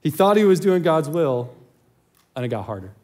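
Conversational pastor, a man with a higher voice. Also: very animated, normal speed, a little mellow. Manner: conversational, chuckles while storytelling. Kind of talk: sermon.

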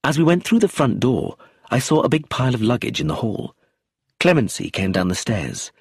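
Husky male narrator, lively pitch, dry close recording. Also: moderate pace, no room sound. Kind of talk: audiobook narration.

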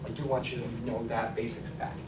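A male college statistics lecturer gives a classroom lecture in a medium-pitched, flat, brisk voice, talking conversationally and often checking in with "okay?". He's recorded from a distance in an echoey classroom with background noise.

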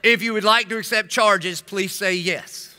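A man's voice: high-pitched, measured pace, bright, forceful tone, full character voice. A man imitating a stiff automated phone system. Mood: prompting. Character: automated phone operator system, flat and polite. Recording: long hall reverb.

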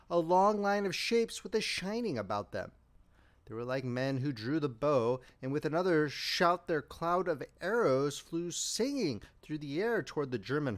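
A man narrating with a lively voice. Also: a little high. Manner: dramatic, expressive storytelling. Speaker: audiobook narrator. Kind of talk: scripted narration.

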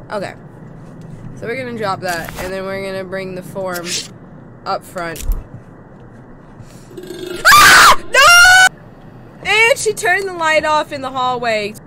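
A woman's voice: on the high side, heavy background noise. A woman streamer commentating on a horror game, frightened, screaming and swearing as she plays. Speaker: gaming streamer.

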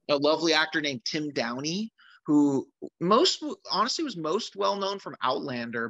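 A man's voice: medium pitch, sharp tone, dry recording, highs cut off. A man who makes films, speaking casually and eagerly in a recorded video, rambling with lots of fillers. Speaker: filmmaker.

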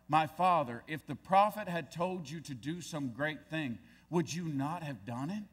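A male pastor preaching a sermon, reading scripture aloud and then pressing his points with growing emphasis. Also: on the high side. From United States.

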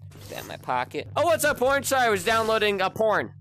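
A man streaming a VR game, joking constantly and swinging between low mutters and sudden high shouts. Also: sing-song, fast, heavy background noise. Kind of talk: joking gameplay chatter. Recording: game music loud in background.

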